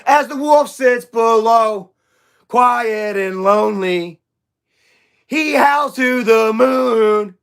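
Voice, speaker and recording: A man putting on an overwrought poet reciting a sad poem, slow, theatrical and drawn out. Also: very high-pitched, creaky, fairly bright tone, smooth, voice pushed up, full character voice. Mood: mock-solemn. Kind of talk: mock-dramatic poetry recital.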